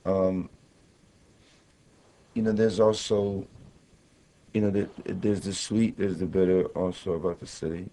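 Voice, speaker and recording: A man in his thirties, a guest on a radio interview, talking in a reflective, halting way with many fillers. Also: deep voice, little pitch movement, mellow, low-quality recording. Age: 30s. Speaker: guest musician. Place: radio studio.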